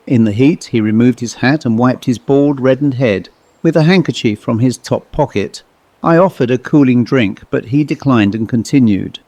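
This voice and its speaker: Mellow male audiobook narrator. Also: mid-range voice, no echo. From England. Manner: measured, reflective. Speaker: author and narrator.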